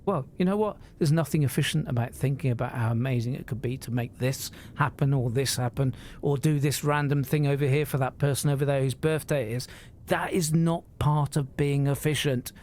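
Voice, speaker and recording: A man's voice: medium pitch, brisk, a little mellow, a little hiss or hum. A man, talking to live-stream viewers in an earnest, emotional, rambling way, swearing freely and often restarting his sentences.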